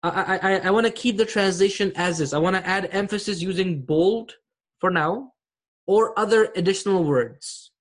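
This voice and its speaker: A man's voice: high voice, normal speed. A man teaching an Arabic grammar class online, patient, repeating terms and checking that students follow.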